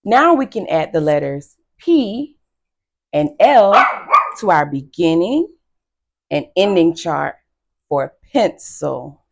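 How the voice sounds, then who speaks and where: A woman teacher giving a phonics lesson to young children, slow and encouraging with frequent praise. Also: lowish voice, very animated, creaky, darkish tone.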